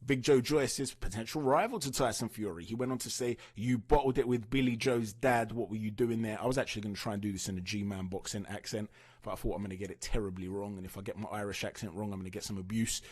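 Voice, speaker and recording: A man hosting a channel gives casual, opinionated boxing news commentary, chatting away and asking viewers for their views. His voice is lowish with a breathy edge, and he talks fast.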